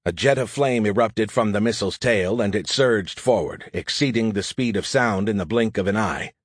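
Husky male narrator, steady and vivid, dry close mic. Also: on the low side, moderate pace, dry recording. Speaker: audiobook narrator. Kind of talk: scripted narration.

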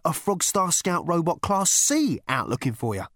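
A man's voice: a little high, very animated, normal speed, fairly bright tone, dry recording, studio quality, pitched above the performer's own voice. A man voicing a short, weather-beaten stranger who speaks in clipped, urgent hisses.

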